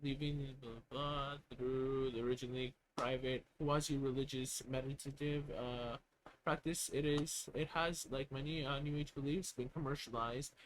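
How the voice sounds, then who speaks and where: A man's voice: medium pitch, fairly even intonation, normal speed, a little hiss or hum, low-quality recording. A young man on a live stream reading an article aloud and breaking off into casual, swearing, laughing commentary.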